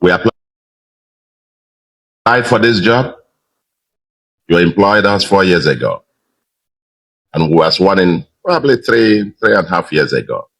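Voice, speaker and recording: Governor in his sixties, very deep, emphatic, measured public address. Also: a bit bright, low-quality recording. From Nigeria. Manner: measured, emphatic, with pauses and fillers. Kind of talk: victory speech.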